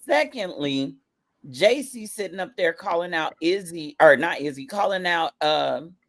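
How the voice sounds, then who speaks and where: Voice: mid-range voice, lively intonation, measured pace. A co-host on a wrestling podcast, giving blunt, playful takes in casual chat. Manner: opinionated, blunt, playful slang.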